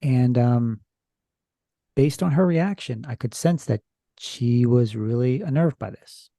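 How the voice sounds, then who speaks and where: A man's voice: medium pitch, slow, gravelly, warm tone, dry recording, clean studio sound. A man who is a podcast guest, retelling a strange experience from his notes in a rambling, hesitant, casual way. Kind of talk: casual storytelling chat.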